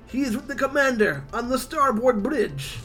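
A man's voice: very high-pitched, big pitch swings, moderate pace, faint music behind, voice pushed up, exaggerated voice. A man voicing a nervous male welder from a comic, stammering under a gun. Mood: cowed. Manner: stammering, hushed.

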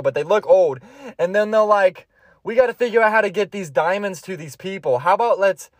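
Rambling, profane young man with a high voice. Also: no echo. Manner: rambling, profane, laughs often. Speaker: podcast host. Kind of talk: solo podcast chat.

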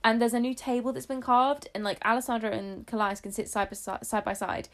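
A woman's voice: fairly high pitch, steady tone, brisk, fairly bright tone. A woman in casual chat, animatedly retelling a novel's plot and swearing freely. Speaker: book podcast co-host.

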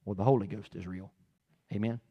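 A middle-aged man preaching a sermon, animated, repeating words and swinging between loud and soft. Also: fairly low pitch, brisk, breathy edge, lo-fi sound. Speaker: pastor.

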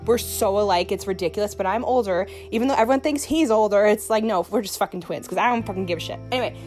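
A woman's voice: fast talker, darkish tone, soft background music. Rambling, profane young woman podcaster. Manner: profane, rambling and sarcastic, with sudden pitch jumps. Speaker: podcast host. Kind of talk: rambling solo podcast rant. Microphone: phone.

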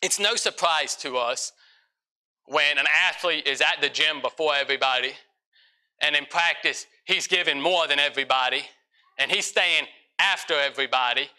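A young man preaching to a church congregation with a high, sharply bright voice. He is animated, playing out little exchanges with his listeners in quick changes of voice. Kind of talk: sermon.

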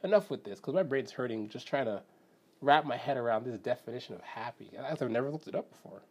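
A man's voice: medium pitch, animated, fast, slightly rough. A man from Canada talking casually and rambling on his own show, with lots of "right?" and little acted-out quotes. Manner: rambling, many fillers and self-questions, acts out quoted friends. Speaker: podcast host. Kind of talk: casual solo talk on self-help.

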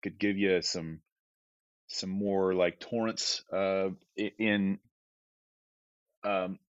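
A low-voiced man talks in a loose, rambling way, full of fillers and restarts, as a guest on a podcast. The audio is dry and a little dull, with the slightly lo-fi sound of a remote call. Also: flat delivery, drawn-out words, clear, resonant tone, no room sound. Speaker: guest theologian. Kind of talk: casual podcast conversation.

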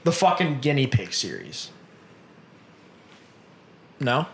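Man, casual chat, profane and lively, bright tone, roomy sound. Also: mid-range voice, slow pace, vocal fry, a little hiss or hum. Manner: profane, animated storytelling.

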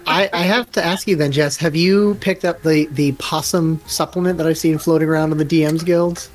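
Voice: medium pitch, fairly even intonation, normal speed. A guest on a livestream who teases the others and restarts sentences often. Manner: teasing, hesitant restarts. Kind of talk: casual stream chat.

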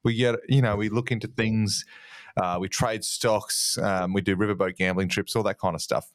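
A man's voice: lowish voice, steady tone, moderate pace, no echo, studio quality. An Australian man co-hosting a podcast, telling rambling stories and ribbing his friends in casual banter. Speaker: podcast co-host.

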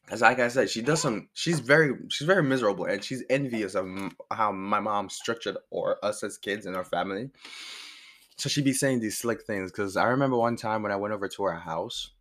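A young man casually telling a personal story, animated and rambling, swearing freely and laughing as he goes. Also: on the low side, a little fast. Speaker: storyteller vlogger.

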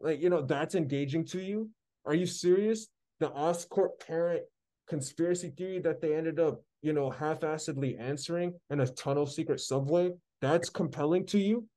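A man's voice: fairly high pitch, moderate pace, mellow. A man co-hosting a podcast, ranting in a heated, sarcastic way during casual chat. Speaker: podcast co-host.

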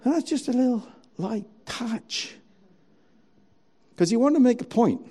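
A man's voice: extremely high pitch, lively intonation, unhurried, mellow, slightly rough. A man preaching a sermon, telling a story and acting out its scenes dramatically.

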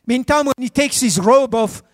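A man's voice: very high-pitched, moderate pace, no room sound, studio quality. A man preaching a sermon as a pastor in a church, urging the congregation to answer back. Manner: urges the congregation to respond.

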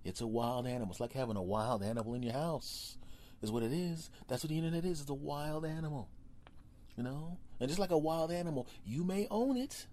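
Animated man riffing on his podcast. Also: fairly high pitch, a little fast. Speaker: podcast host. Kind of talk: solo comedic podcast monologue.

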